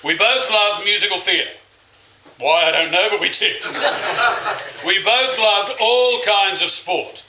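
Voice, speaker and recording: A man's voice: high-pitched, slow, noisy background. A man giving a best man's speech, telling fond stories with wry jokes. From Australia. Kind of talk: wedding speech. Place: wedding reception room. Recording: echoey reception room.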